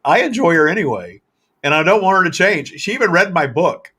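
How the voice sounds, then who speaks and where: A man hosting a casual live-stream chat, telling stories in an animated way and laughing often. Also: sits high, fairly quick, slightly rough. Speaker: host.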